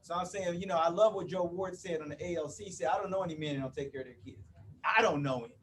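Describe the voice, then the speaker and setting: This motivational speaker, about fifty, addresses a live audience in an event room with playful banter, regularly asking the crowd "you with me?". His pitch is fairly high and his pace quick, captured on a distant mic with slight background noise.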